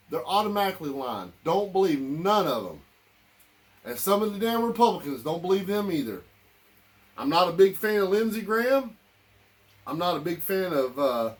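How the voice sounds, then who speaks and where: A man delivering a heated, repetitive political rant straight to his listeners. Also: high voice. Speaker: political commentator.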